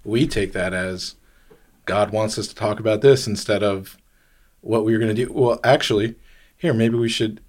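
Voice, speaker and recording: A man's voice: lowish voice, fairly even intonation, normal speed, a little mellow. A man co-hosting a podcast in casual chat, rambling and restarting his sentences often. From grew up overseas. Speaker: podcast co-host.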